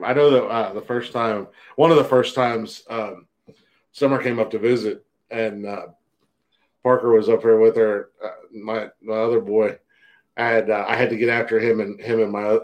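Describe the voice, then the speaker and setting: A man's voice: on the low side, steady tone, moderate pace. A man co-hosting a podcast, chatting loosely, laughing often and restarting his sentences. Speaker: podcast co-host. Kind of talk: casual chat.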